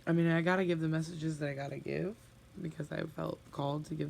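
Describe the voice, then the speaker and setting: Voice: mid-range voice, steady tone, fast, creaky, background noise. A tarot reader giving a spoken reading to viewers, blunt and emphatic, often sighing and sympathetic.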